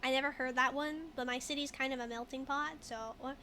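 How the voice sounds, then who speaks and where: A woman's voice: high-pitched, fairly even intonation, fairly quick, sharp tone, a little hiss or hum. A woman streaming a video game in a casual, chatty way, laughing often while she reads game text aloud and answers chat.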